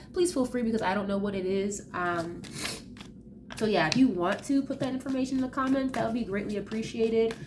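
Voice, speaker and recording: A tarot reader gives a casual reading, her medium-pitched voice nasal from allergies. She talks loosely and chattily, full of fillers and asides, with slight background noise.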